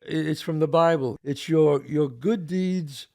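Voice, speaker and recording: An older man, co-host of a casual talk show, telling stories with lively gestures and acting out the people he quotes. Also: a little high, unhurried, gravelly. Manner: animated, acts out quoted voices. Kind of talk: casual storytelling chat.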